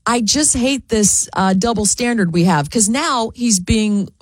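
A woman co-hosting a talk show, retelling news in an animated, opinionated way. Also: on the high side, a little slow, dry recording. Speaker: show co-host. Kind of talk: casual chat.

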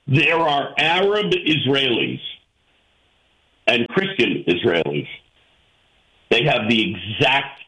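A man's voice: mid-range voice, bright, forceful tone, low-quality recording. A man hosting a call-in radio show, arguing his point emphatically and firing rhetorical questions at listeners over a studio microphone. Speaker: talk radio host. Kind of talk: call-in radio opinion talk.

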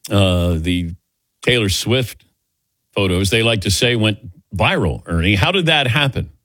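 A man hosting a sports talk radio show, upbeat and brisk as he runs through promos and asks questions into a studio microphone. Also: lowish voice, animated, a bit bright, dry recording.

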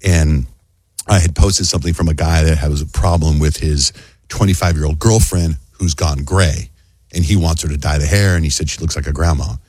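A man's voice: extremely low pitch, a little fast, darkish tone, husky, no echo, clean studio sound. A man hosting a radio show, chatting casually and joking with co-hosts and callers.

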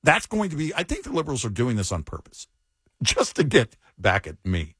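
A man's voice: mid-range voice, huge pitch swings, fairly quick, fairly bright tone, breathy edge, no room sound. A middle-aged man who co-hosts an overnight radio show, chatting casually with wry, dry humor. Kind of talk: casual chat.

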